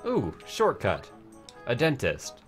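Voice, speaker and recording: A man's voice: mid-range voice, wildly swooping pitch, takes it slowly, soft background music. A man from France riffing and laughing while commenting on a video game with a friend. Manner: joking, giggly, riffing on quotes. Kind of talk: let's play commentary.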